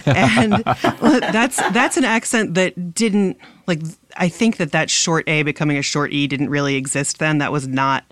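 A woman's voice: low-pitched, a little slow, few pauses, dry recording. A woman in a casual podcast discussion, explaining accent details with analytical enthusiasm.

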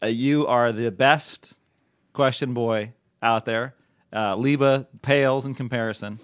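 Man, podcast host, casual banter, halting, joking. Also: mid-range voice, steady tone, no room sound, studio quality. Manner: joking, halting, self-interrupting.

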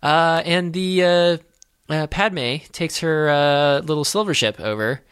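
A man's voice: a little high, fairly bright tone, clear, resonant tone, no room sound. Sarcastic podcast guy rambling about a movie, lots of uhs, dry close mic. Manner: dry, sarcastic, halting with many fillers. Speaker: podcast co-host. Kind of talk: casual film discussion.

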